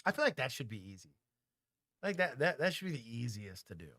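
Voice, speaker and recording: A middle-aged former police officer with a Texan accent, co-hosting a casual livestream chat in a candid, joking way. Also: male voice, medium pitch, big pitch swings, a little fast, a bit bright, no room sound, clean studio sound. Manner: candid, joking, talks things through aloud.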